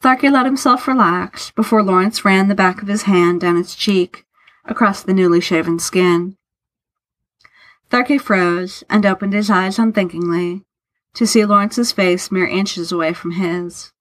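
A woman narrating fiction aloud in an unhurried, even storytelling manner. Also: mid-range voice.

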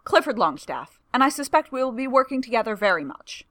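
A courteous older gentleman official, read by a woman in a storybook, smooth and assured, speaking a little louder than the narration. The voice is lively and dry. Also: on the high side, brisk, no room sound, voice pushed up.

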